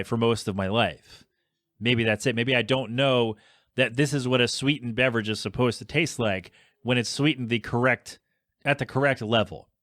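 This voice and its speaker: A man's voice: mid-range voice, a bit bright, no room sound. Man, solo podcast host, rambling, self-mocking, dry close sound. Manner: rambling, self-deprecating, exasperated.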